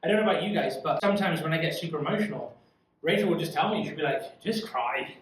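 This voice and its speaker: A man's voice: fairly high pitch, very fast. A man leading a youth Bible study, teaching in an earnest, conversational way and putting questions to the group. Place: church room. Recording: echoey room from far off.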